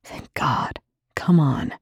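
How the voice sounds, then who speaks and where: A reader voicing an urgent, protective armed man who talks in gruff, clipped orders, often in a low whisper. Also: unhurried, a little mellow, no echo, studio quality, full character voice. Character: urgent, protective male soldier type with injured leg.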